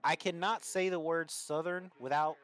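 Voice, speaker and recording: A man's voice: fairly high pitch, steady tone, normal speed, a bit bright. Laid-back man with a light Cajun accent. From Louisiana. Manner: laid-back, blunt, swears casually. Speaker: stream guest. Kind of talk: casual stream chat.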